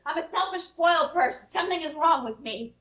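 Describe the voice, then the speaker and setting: A woman's voice: very high-pitched, lively intonation, fairly quick, fairly bright tone. A woman playing an outspoken adult daughter who talks earnestly and emphatically. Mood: exasperated. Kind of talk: stage play acting. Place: theater stage. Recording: dull lo-fi stage recording.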